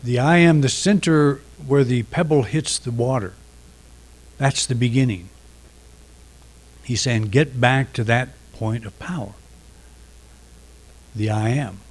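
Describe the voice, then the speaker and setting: A middle-aged man giving a reflective sermon, unhurried, pausing often and restarting phrases. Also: medium pitch. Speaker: minister.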